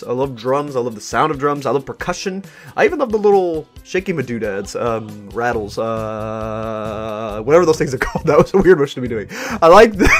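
Excitable young man, lively pitch. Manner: excitable, rambling, self-mocking. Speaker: host reacting to songs. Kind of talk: casual reaction commentary. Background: faint song music playing.

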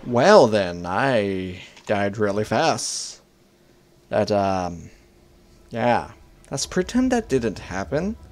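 A man's voice: fairly low pitch, sing-song, very slow, slight background noise. A man giving rambling, profane let's play commentary as a gaming channel host, slipping into mock panic.

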